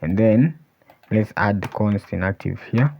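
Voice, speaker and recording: A man teaching a coding tutorial, thinking aloud as he types and often pausing to say "let's see". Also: on the low side, gravelly, a little hiss or hum. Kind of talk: screen-recorded coding walkthrough. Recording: dull lo-fi voice recording. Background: keyboard typing and clicks.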